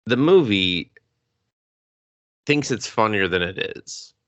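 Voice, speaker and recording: A man's voice: on the low side, lively intonation, takes it slowly, a bit bright, no room sound. A man co-hosting a movie review podcast, ranting in a sarcastic, profane, casual way. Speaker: podcast co-host.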